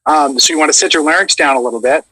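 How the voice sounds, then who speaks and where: A man who is a voice actor, chatting casually and coaching vocal warm-ups with animated demonstrations. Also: on the high side, very fast, dry recording, poor audio.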